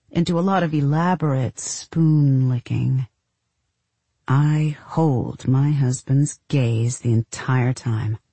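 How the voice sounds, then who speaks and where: Brief: husky female narrator, dark and low, deadpan audiobook read, dry close sound. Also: no echo. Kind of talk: audiobook narration of literary fiction.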